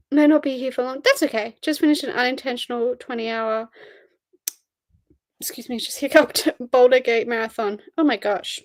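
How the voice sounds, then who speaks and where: A woman's voice: fairly high pitch, no echo. A tired young woman, chatting casually on a livestream and answering chat messages. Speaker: livestream host. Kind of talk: casual live-stream chat.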